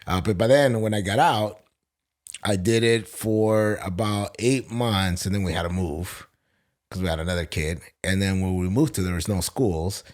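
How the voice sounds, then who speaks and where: Deep-voiced man swapping stories on a podcast. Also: normal speed. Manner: profane, animated storytelling with acted quotes. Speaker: podcast host, Marine veteran. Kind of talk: casual podcast chat.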